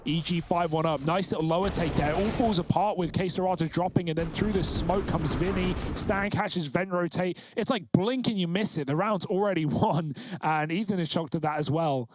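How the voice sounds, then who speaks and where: Male esports caster, live play-by-play, quick analytical calls, slightly high voice. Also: background noise. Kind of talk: live game commentary.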